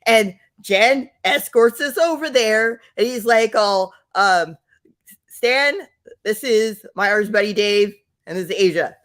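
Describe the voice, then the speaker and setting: A young woman co-hosting a podcast, telling a story in an animated, giggly way and acting out the quotes. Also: mid-range voice, slow pace. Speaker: podcast co-host. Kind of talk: casual storytelling.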